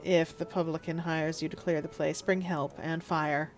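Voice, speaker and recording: A woman reading the lines of a polite young gentleman investigator in a measured, formal way. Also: sits low, fairly even intonation, voice pushed down, lightly acted. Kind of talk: reading a text game aloud.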